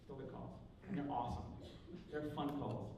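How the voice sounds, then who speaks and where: A man's voice: medium pitch, moderate pace, warm tone. A man telling stories to a live audience at a panel, bursting into raised voices to act out what other people said. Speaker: panel speaker. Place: large convention hall. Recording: echoey hall from far off, crowd noise. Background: audience laughter.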